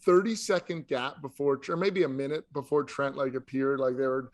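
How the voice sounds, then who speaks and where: A man's voice: mid-range voice, steady tone, normal speed. A man co-hosting a podcast in casual chat, enthusiastic and full of "like" fillers. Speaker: podcast co-host.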